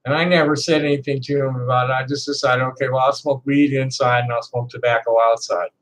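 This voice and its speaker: A trans woman in her sixties ranting to camera in a profane, defiant, bitter way, halting and repeating words with laughing asides. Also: a bass voice, steady tone, poor audio. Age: 60s. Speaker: vlogger. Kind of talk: unscripted rant to camera.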